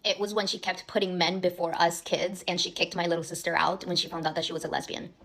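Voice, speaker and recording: Low-voiced woman, quick and blunt. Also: little pitch movement. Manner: blunt, quiet, matter-of-fact recounting. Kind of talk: personal storytelling.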